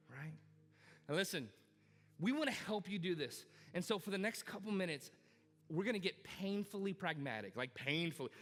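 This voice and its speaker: A man's voice: sits high, sing-song, a little fast, big-room sound, soft background music. A man preaching a sermon as pastor, emphatic and repetitive, urging his congregation directly. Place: church auditorium.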